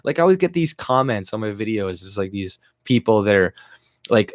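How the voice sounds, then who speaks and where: A man's voice: lowish voice, lively intonation, a little fast, no room sound, clean studio sound. A man hosting a casual livestream rant, talking bluntly, swearing and laughing often. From Canada. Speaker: livestream host.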